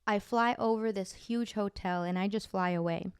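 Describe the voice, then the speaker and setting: A woman's voice: medium pitch, fairly even intonation, moderate pace, clear, resonant tone, no room sound, clean studio sound. A woman podcast host chattily telling dream stories, full of "like" fillers. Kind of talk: casual storytelling.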